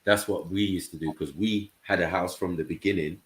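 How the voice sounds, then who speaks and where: Casting note: very low male voice, casual storyteller, echoey room. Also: fairly even intonation, a little fast. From England. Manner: storytelling, keeps checking in with "you know what I mean". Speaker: panel host. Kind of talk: casual panel chat.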